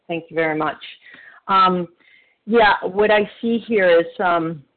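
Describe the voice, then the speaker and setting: A man sharing earnestly at a recovery meeting by phone, halting often with restarts and fillers. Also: high-pitched. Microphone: phone call. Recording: phone-line audio.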